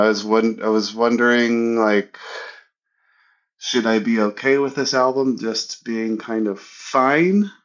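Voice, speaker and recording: A man's voice: fairly low pitch, dull audio. A man talking on a casual music podcast, hesitant and thinking aloud, trailing off and restarting as he weighs his opinion. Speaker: podcast co-host.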